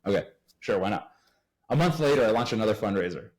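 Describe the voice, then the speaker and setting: A man from Uruguay, a podcast guest, telling his business story in a casual, animated way and acting out the people he quotes. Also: mid-range voice, fast talker, poor audio.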